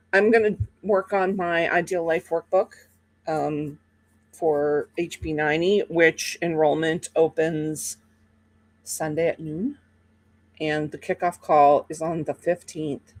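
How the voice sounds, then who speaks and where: On a casual livestream, a woman with a lowish voice chats drowsily with her viewers, yawning and wandering through her thoughts with lots of filler words. There's no room sound in the recording.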